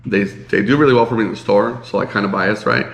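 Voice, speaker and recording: A man's voice: fairly low pitch, fast, a bit bright, echoey room. A man co-hosting a casual podcast, sounding congested and nasal, rambling with lots of fillers. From Chicago area. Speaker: podcast co-host. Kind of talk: casual chat.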